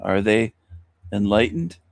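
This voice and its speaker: A man's voice: lowish voice, animated, slow pace, vocal fry, no echo. A man hosting an online radio show, ranting scornfully at his listeners with mocking laughs and rhetorical questions. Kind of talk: scornful solo rant.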